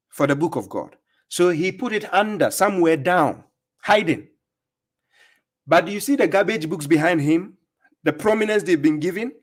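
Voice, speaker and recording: A man hosting a livestream, giving mocking, sarcastic religious commentary on video clips he plays. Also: sits high. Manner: scornful, sarcastic, lecturing. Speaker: livestream host reacting to clips.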